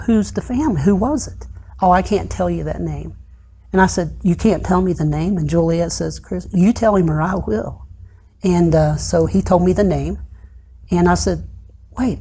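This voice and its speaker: Man, middle-aged, gravelly, dark tone, halting testimony, soft and low. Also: slight background noise. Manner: halting retelling, heavy with "uh" and "I said". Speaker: interview guest. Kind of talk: personal testimony in conversation.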